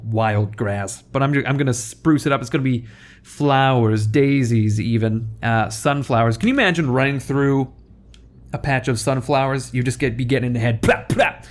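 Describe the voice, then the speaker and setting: A young man giving casual, rambling game commentary, joking and self-deprecating as the host. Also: mid-range voice. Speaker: gaming video host.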